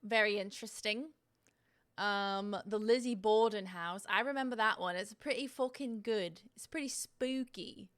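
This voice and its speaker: A woman's voice: medium pitch, measured pace, fairly bright tone. A woman streaming on Twitch, chatting casually as she sets up, rambling, swearing freely and poking fun at herself.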